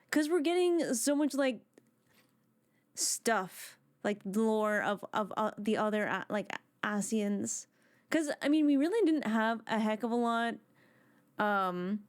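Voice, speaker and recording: A woman chatting on a casual live stream, excitable and rambling, with lots of "like" fillers. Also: medium pitch.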